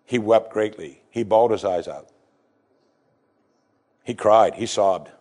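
A man preaching a sermon, reading scripture with rising emphasis and dropping low and soft to reflect on it. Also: slow. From United States. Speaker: pastor.

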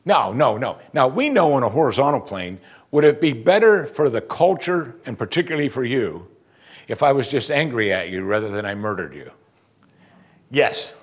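A pastor preaching a sermon with emphatic, lively delivery and frequent rhetorical questions. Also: male voice, medium pitch, normal speed, slightly rough.

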